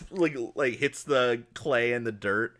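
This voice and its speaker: A man narrating a tabletop game as game master, casual and excitable, often laughing as he describes the action. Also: medium pitch, slow.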